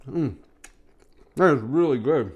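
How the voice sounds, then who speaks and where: A man's voice: slow, husky. A man reviewing food on camera in a casual, enthusiastic way, humming with pleasure while he eats. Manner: enthusiastic, lots of mmm sounds while eating; chatty with his pet in a high, excited voice.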